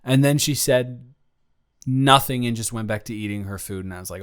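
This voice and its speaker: A man's voice: fairly low pitch, fairly even intonation, moderate pace, clean tone. A young man improvising a romantic audio roleplay, telling a story in a playful, teasing, rambling way.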